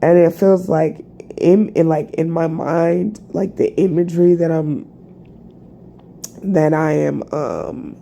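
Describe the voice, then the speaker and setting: A tired woman vlogging a rambling, halting personal reflection, full of fillers and restarts. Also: low voice, creaky, dark tone, dull audio, a little hiss or hum. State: tired, yawning. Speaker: spiritual vlogger.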